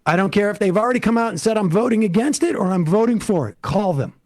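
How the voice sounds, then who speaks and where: Urgent high-pitched political host. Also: male voice, expressive, quick pace, darkish tone. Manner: urgent, insistent. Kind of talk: emphatic political speech.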